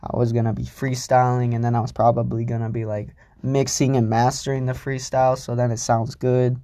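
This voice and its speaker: A man's voice: mid-range voice, little pitch movement, a little fast, warm tone, dry recording, studio quality. A young man hosting a solo podcast, rambling casually and swearing freely, mocking himself as he goes. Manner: rambling, profane, self-mocking. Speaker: podcast host.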